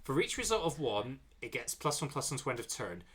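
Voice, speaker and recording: A man's voice: medium pitch, very animated, a little fast, fairly bright tone, husky. A man playing a card game with friends over a stream, chatting casually and explaining card rules at length with self-deprecating jokes.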